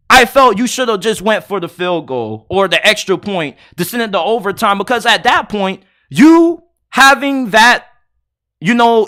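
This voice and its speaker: A man hosting a solo sports podcast, retelling a game in an excitable, animated way with casual slang. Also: very high-pitched.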